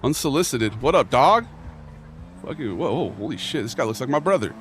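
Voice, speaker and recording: A man's voice: medium pitch, very animated, fairly quick, fairly bright tone, a little hiss or hum. A man streaming a game, chatting casually in a rambling, joking bro manner with mock earnestness. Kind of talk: casual chat while playing a game.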